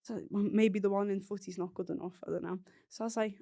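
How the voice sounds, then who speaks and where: A woman's voice: mid-range voice, steady tone, fast talker, warm tone. Young Englishwoman telling a story. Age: young adult. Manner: storytelling, often acts out quoted dialogue. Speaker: podcast guest, footballer. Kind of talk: casual chat.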